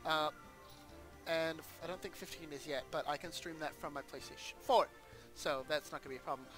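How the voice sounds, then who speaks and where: A man's voice: on the high side, a little fast, over music. A man hosting a let's play, giving casual gameplay commentary and thinking aloud with chatty asides.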